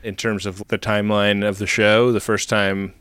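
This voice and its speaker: A man's voice: on the low side, level tone, moderate pace, fairly bright tone, clear, resonant tone, no echo. A man co-hosting a podcast in casual chat, chatty and laughing, with fillers as he talks. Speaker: podcast co-host.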